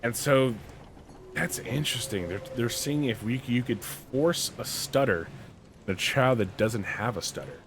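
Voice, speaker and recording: A man's voice: mid-range voice, a little slow, slight background noise. A man co-hosting a podcast, reading a story aloud and breaking off into slangy, joking asides. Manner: reads aloud then riffs with slangy asides. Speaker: podcast co-host. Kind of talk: casual reading and commentary.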